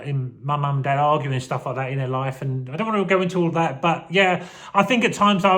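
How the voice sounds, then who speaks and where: A man's voice: on the high side, fairly bright tone. Emotional man in his forties reminiscing. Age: 40s. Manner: rambling, heartfelt, emotional, many restarts. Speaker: vlogger. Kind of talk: casual personal reflection to camera.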